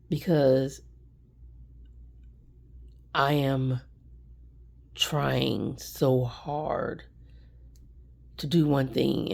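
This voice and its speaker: A woman with a low, dark, husky voice speaks slowly on a live stream, close to tears. She is earnest and keeps repeating her encouragement. She comes across as middle-aged. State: near tears. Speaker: small business owner. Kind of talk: emotional live stream talk.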